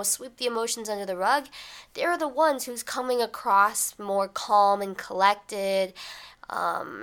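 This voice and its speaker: Bright, chatty young woman podcaster. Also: mid-range voice. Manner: casual, chatty, animated storyteller with many fillers. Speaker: podcast host. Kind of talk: solo podcast monologue.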